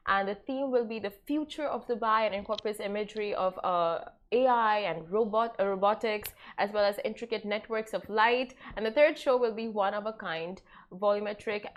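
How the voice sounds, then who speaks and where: A woman co-hosting a lifestyle show in an upbeat way. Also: mid-range voice. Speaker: co-host. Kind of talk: lively news show banter.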